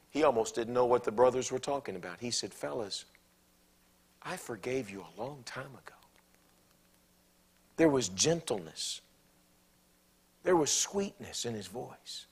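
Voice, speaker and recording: A Southern American pastor preaching a sermon in a church, swinging from loud, emphatic lines to hushed, near-whispered quotes. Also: male voice, mid-range voice, slightly rough. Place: church sanctuary.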